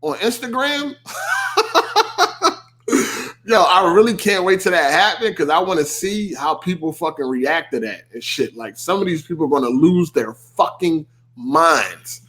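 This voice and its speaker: A man's voice: fairly high pitch, unhurried. A man hosting a podcast, ranting in casual speech with lots of swearing and mocking asides. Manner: animated, swearing, laughing, mocking quoted voices. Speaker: podcast host. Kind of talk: casual rant.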